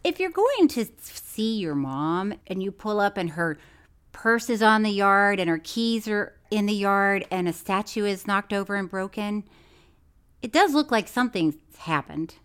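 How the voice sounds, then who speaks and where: A woman's voice: mid-range voice, animated, moderate pace, clear, resonant tone. A woman co-hosting a true crime podcast, chatting casually and teasing her co-host with exasperated outbursts. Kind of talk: casual chat.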